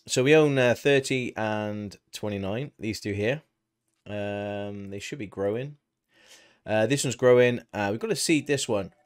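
A man's voice: on the low side, measured pace, smooth. A man, streaming a farming game and chatting casually with his viewers, greeting them by name. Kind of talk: casual live-stream chat.

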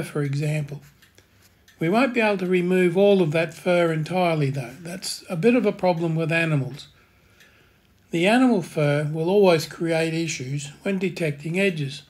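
Man tutorial host, slightly raised pitch, husky, calm step-by-step delivery. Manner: calm, plain instructional delivery.

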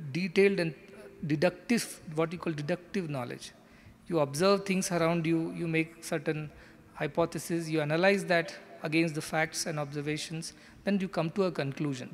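Man, spiritual discourse, explanatory, slightly high voice, hall reverb. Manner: earnest, explanatory, acts out quoted lines. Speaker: spiritual teacher.

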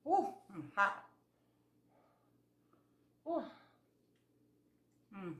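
A woman's voice: medium pitch, sing-song, drawn-out words, bright, forceful tone, roomy sound. A woman chatting casually to viewers while eating, telling folksy stories and acting out both sides of conversations. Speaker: vlogger. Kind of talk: casual eating vlog chat.

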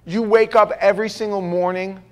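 A man's voice: high voice, fairly even intonation, brisk. A man pastor preaching a conversational, jokey sermon, acting out the people he quotes.

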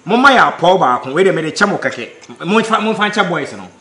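Male interviewer, high bright voice, animated and laughing, roomy echo. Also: a little fast. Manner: laughing, animated, mixes Twi and English. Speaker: street interviewer. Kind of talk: casual interview chat.

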